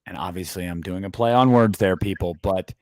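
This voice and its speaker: Guy cohosting a stream chat, deep-ish voice, dead dry sound, sarcastic. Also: a little fast, no room sound. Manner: animated, sarcastic, reads chat comments aloud. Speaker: podcast co-host. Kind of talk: casual livestream chat.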